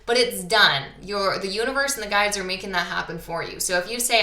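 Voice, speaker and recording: A woman's voice: medium pitch, a little fast, few pauses, pushed and bright, roomy sound. A woman from Canada hosting a podcast, talking casually and enthusiastically about spiritual topics with lots of fillers. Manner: enthusiastic, chatty, uses many fillers. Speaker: podcast host.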